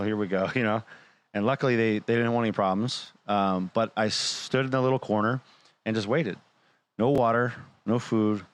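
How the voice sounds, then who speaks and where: Guy with a lowish voice telling a crazy story casually, swears a lot, does the voices of people he quotes. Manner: animated retelling, acting out quoted dialogue; blunt, swears freely.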